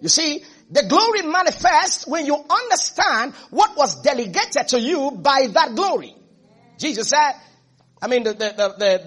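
A man preaching a sermon as pastor, emphatic and repetitive, now and then rising to shouts. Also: very high voice.

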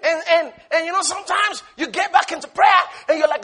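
A man preaching a sermon with passion, swinging from shouted lines to hushed asides. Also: extremely high pitch, brisk, hardly any pauses, a faint crowd.

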